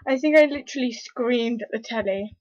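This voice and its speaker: A woman talking casually in a review vlog, rambling and hesitant with lots of fillers, an excitable fan. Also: a little high, fairly quick, no echo. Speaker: TV episode reviewer. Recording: dull lo-fi, dry recording.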